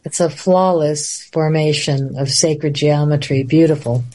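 A woman guest on a livestream interview, telling a long story in an animated way and laughing often. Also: low-pitched, unhurried.

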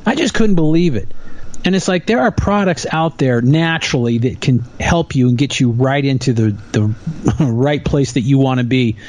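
A man in a casual podcast conversation, ranting with indignation and mocking others in quick quoted asides. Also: medium pitch, animated, a little mellow.

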